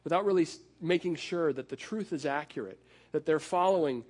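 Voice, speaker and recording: A middle-aged man preaching a sermon in a conversational way, with fillers and restarts, and slowing down to lean on key phrases. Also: a little high, a little mellow. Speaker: pastor.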